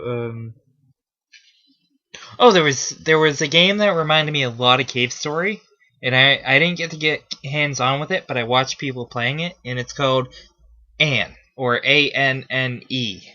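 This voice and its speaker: A man's voice: medium pitch, sharp tone, highs cut off. A man hosting a gaming vlog, talking casually off the cuff with many fillers and restarts. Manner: rambling, frequent fillers and restarts. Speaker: gaming video host. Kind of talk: casual unscripted vlog talk.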